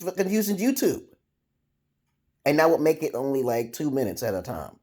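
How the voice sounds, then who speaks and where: A man from Brooklyn delivering a comedic rambling monologue, profane and giggly, jumping into loud high squeals. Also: sing-song, moderate pace, long pauses, breathy edge. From Brooklyn, New York, USA. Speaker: vlogger.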